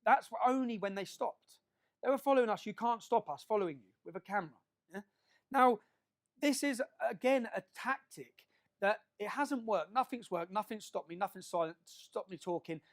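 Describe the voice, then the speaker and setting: A man speaking to an audience in a forceful, emphatic way. His voice sits fairly high for a man, and he keeps tagging his points with quick questions to the crowd. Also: expressive. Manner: emphatic, with frequent tag questions. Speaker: public speaker. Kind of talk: speech to an audience.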